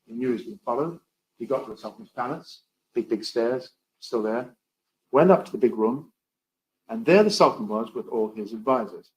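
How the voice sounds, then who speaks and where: A man giving a storytelling history lecture, with dry, wry asides that swing between loud emphasis and quiet remarks. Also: medium pitch, expressive, normal speed, slight background noise, rough recording.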